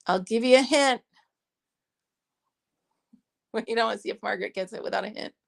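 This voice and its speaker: A woman's voice: fairly high pitch, fairly quick, creaky. A woman hosting a casual crochet club chat, playful and rambling, laughing often. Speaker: host of a crochet club stream.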